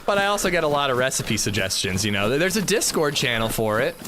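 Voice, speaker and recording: A man streaming a game, chatting in a relaxed way and answering his chat. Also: mid-range voice, quick pace, noisy background. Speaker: gaming streamer. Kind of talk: casual livestream chat. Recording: game ambience loud behind voice.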